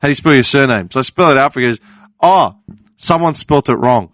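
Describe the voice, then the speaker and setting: Sitting on a podcast panel, an Australian man tells a story casually and animatedly, acting out its characters, swearing offhandedly and laughing often. His mid-range voice races along, captured in studio quality with no echo.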